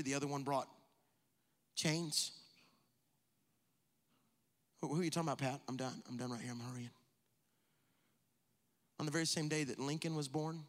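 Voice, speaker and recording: A man preaching a sermon, telling a story dramatically and swinging from hushed whispers to shouting. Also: fairly high pitch, in a large hall.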